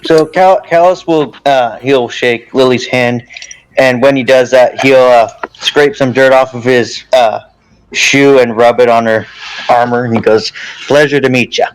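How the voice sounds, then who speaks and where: A man's voice: medium pitch, fairly even intonation, unhurried, a little hiss or hum, low-quality recording. A man playing a tabletop role-playing game, describing what his character does in a dry, teasing way. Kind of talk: narrating his character's actions.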